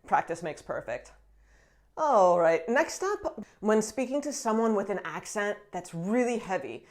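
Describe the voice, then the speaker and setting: A woman's voice: mid-range voice, sing-song, unhurried. Woman vlogger, 30s, from the US. Casual and chatty to camera, upbeat, lots of fillers and light laughter. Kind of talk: casual vlog talk to camera.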